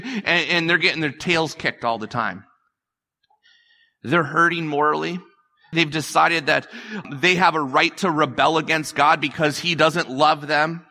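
Guy preaching, kinda high bright voice, chatty, repeats stuff, acts out the quotes. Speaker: pastor. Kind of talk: sermon.

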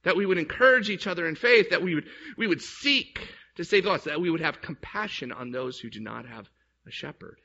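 High, bright-voiced preaching man. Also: lively intonation, fairly quick, vocal fry. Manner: emphatic, storytelling preaching with rhetorical questions. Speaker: pastor. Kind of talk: sermon. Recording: dull lo-fi recording.

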